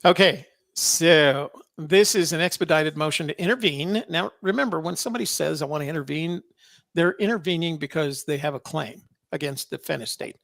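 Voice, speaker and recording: A man hosting a podcast, reading court filings aloud with wry, sarcastic asides and many halting fillers. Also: on the high side, creaky, fairly bright tone, no room sound, studio quality. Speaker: podcast host.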